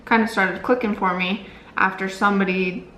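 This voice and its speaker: A woman's voice: mid-range voice, fairly even intonation, moderate pace, fairly bright tone. A woman co-hosting a casual vlog, chatting earnestly to camera and trailing off with fillers. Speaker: co-host of a couple's channel. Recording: roomy with faint noise.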